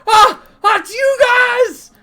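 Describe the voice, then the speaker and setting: A woman voicing a boisterous, excitable male adventurer who rambles in slang and shouts his greetings. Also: high-pitched, normal speed, pitched above the performer's own voice. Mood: confused excited. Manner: loud, rambling, slangy and overexcited.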